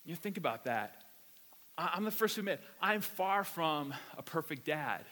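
A man's voice: fairly high pitch, big pitch swings, normal speed, pushed and bright, in a large hall. A man preaching a conversational sermon. He tells stories casually and animatedly, repeating words as he goes. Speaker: pastor. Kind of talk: conversational sermon with personal story.

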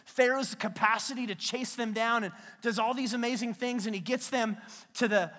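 A man preaching a sermon as a pastor, retelling scripture as a lively, slangy story. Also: extremely high pitch, normal speed. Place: church sanctuary. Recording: long hall reverb in a church.

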